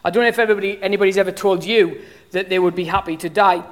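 A British preacher in their thirties delivers a sermon in a relaxed, conversational way. The delivery is animated, with frequent ums and restarts as thoughts form mid-sentence. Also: mid-range voice, rapid-fire. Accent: British English. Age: 30s. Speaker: pastor.

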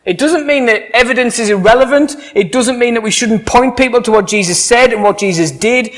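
Guy preaching, high-ish voice, earnest, keeps asking the congregation questions. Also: fairly quick, a bit bright. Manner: earnest, emphatic, asks the listeners rhetorical questions. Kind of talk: sermon.

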